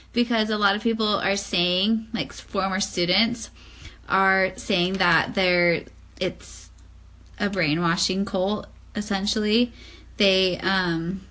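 A woman's voice: medium pitch, a bit bright. A woman co-hosting a casual chat podcast, reading from notes and chatting with frequent "like" fillers. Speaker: podcast co-host.

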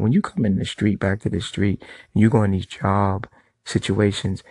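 A man's voice: lowish voice, level tone, normal speed, a little mellow, breathy edge, no room sound. A middle-aged man giving a blunt, profane monologue to camera, telling street stories. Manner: storytelling. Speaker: vlogger.

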